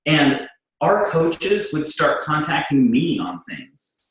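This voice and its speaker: The speaker is a middle-aged man whose voice is on the high side and whose pace is slow. Before an audience, he bluntly describes working in business with his wife, animatedly reenacting their back-and-forth, in a rough recording with heavy reverb.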